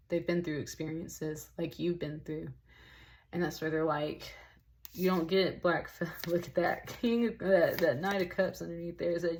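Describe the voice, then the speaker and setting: Low-voiced woman giving a rambling tarot reading. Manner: rambling, emotional, says "y'all" and "like" often. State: tearful. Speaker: tarot reader. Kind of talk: casual spoken tarot reading.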